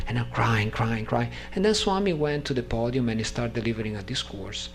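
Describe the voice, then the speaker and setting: A man, not a native English speaker, telling a personal story at a devotional gathering, halting and restarting sentences and acting out the dialogue. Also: medium pitch. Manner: animated, acts out dialogue in story.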